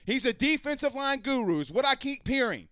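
A man hosting a sports talk show, ranting heatedly and raising his voice to shouts. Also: very high voice, big pitch swings, a little fast, clear, resonant tone, dry recording. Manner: fiery, ranting, raises voice to shouting. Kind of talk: heated sports commentary rant.

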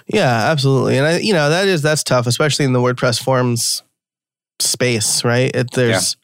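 A man from New York hosting a podcast interview, chatty and quick to laugh, with lots of ums and restarts. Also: mid-range voice, clean tone, no room sound, studio quality. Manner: chatty, laughs easily, many fillers. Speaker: podcast host. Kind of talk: casual interview chat.

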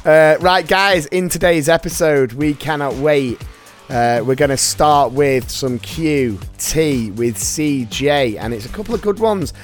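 A man's voice: fairly high pitch, measured pace, hardly any pauses, faint music behind. A man hosting a podcast, chatting in a jokey, enthusiastic way. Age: adult dad. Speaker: podcast host. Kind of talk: casual podcast banter.

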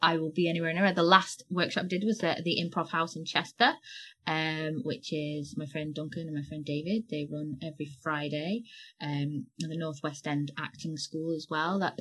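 A woman improv performer chatting as a podcast guest, telling stories with lots of laughter and acted-out voices. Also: low voice. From North West England. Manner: animated storyteller, laughs often, acts out voices. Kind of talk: casual interview chat.

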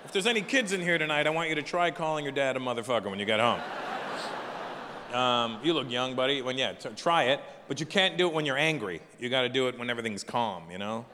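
A middle-aged man doing stand-up comedy on a live stage, talking with the audience in an animated, profane, chatty way. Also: mid-range voice, quick pace, noisy background. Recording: live hall with long reverb, faint ambience.

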